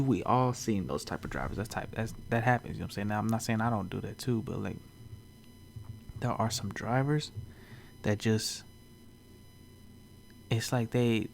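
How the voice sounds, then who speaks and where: A man's voice: lowish voice, moderate pace, creaky, a little mellow, slight background noise. A man talking casually as a reaction video host, loose and chatty with lots of fillers. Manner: loose and chatty, full of "like" and "you know what I'm saying".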